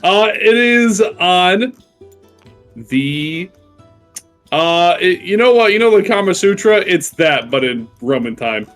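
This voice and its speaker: A man's voice: sits high, animated, slow pace, a bit bright, faint music behind. A man narrating as game master of a tabletop game, chatty, with many fillers and frequent laughs.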